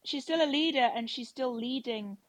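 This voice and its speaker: A woman's voice: high voice, moderate pace, dry recording. A woman on a podcast panel, pressing her point insistently in casual debate. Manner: insistent, talks over others.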